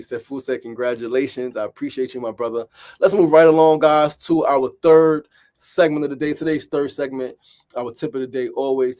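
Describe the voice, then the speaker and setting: A middle-aged man hosting a motivational talk, emphatic and repetitive, often asking "right?". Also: mid-range voice. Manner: emphatic and repetitive, with frequent "right?" and mild swearing. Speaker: podcast host.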